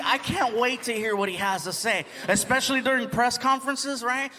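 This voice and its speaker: A man performing an animated stand-up comedy set, slipping into voices, before a live audience. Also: extremely high pitch, moderate pace, few pauses. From United States. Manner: animated, acts out voices and crowd-work asides. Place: large theater stage before a live audience. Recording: reverberant hall with loud crowd. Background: audience laughter and crowd noise.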